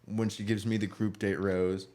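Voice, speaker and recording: Young man, fairly low voice, casual podcast banter, laughs a lot, mimics people in exaggerated voices. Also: little pitch movement, moderate pace, dark tone. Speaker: podcast co-host. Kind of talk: casual reality-TV recap chat.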